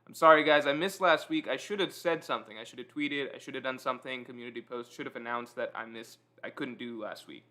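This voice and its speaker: Barely pausing, a fast-talking, medium-pitched man hosts a livestream and eats while chatting casually with viewers. He is relaxed and self-deprecating and reads their chat comments aloud.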